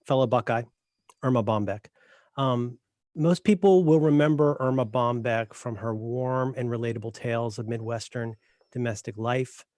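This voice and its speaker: A man giving a deadpan comic introduction before a reading, halting and dry with frequent ums. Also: mid-range voice, no room sound. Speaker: guest author and podcaster.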